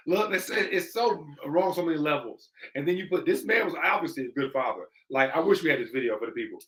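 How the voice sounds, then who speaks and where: A man's voice: fairly high pitch, lively intonation, fairly quick, hardly any pauses, fairly bright tone, low-quality recording. Joking male podcast co-host. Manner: jokey interjections, acts out quoted lines. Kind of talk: casual podcast talk.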